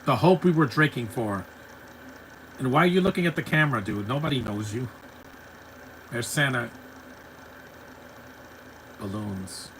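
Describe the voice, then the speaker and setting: A man talking through a live-stream reaction in a loose, rambling way, drifting between remarks and replies to his chat. His voice sits at an ordinary middle pitch, and a faint hum of noise runs underneath. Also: expressive, measured pace, pauses often, a bit bright, poor audio. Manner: chatty, rambling, laughs easily, talks back to chat. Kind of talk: casual reaction commentary.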